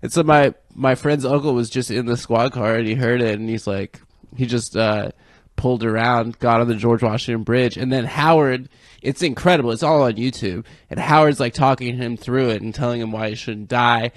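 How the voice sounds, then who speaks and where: A man co-hosting a comedy podcast, telling stories in casual chat and breaking into loud put-on caller voices. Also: mid-range voice, fairly even intonation, moderate pace, no room sound. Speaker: podcast co-host.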